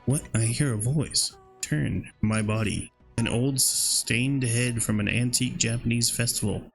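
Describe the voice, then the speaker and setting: A man with a gravelly voice plays through a horror game and reads its dialogue aloud, breaking in with casual, slangy reactions. His pitch sits in the middle range, and faint game music plays behind him. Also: a little slow. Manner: casual, slangy reactions between read lines. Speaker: gaming video creator. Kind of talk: let's play, reading game dialogue aloud.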